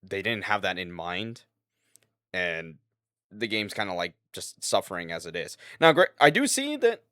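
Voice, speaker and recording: A man co-hosting a podcast, talking in a halting, animated way and laughing easily. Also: low-pitched, smooth, no room sound, clean studio sound. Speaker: podcast co-host. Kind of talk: casual chat.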